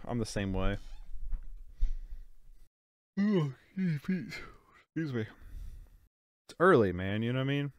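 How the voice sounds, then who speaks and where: A sleepy young man with a stuffed-up nose rambles through a movie watch-along, reacting casually and saying "like" constantly amid plenty of fillers. His lowish voice is clear and resonant and he talks fast; the recording is lo-fi with no room sound.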